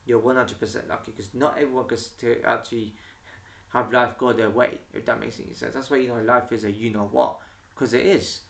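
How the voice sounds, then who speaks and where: A man's voice: mid-range voice, vocal fry, recorded from a distance. A man ranting casually to camera about people who annoy him, in a rambling way with many restarts. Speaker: vlogger. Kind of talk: casual opinion rant to camera. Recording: echoey room, voice a bit off-mic.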